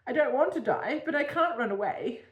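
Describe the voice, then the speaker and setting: A frightened young woman caught up in a royal intrigue she fears will get her killed, read aloud by a woman who wrote her, babbling breathlessly through her tears. Her voice is pitched up high, and the sound echoes around a room. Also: lively intonation, brisk, muffled recording. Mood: scared, tearful. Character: frightened young woman, a queen's hidden bastard.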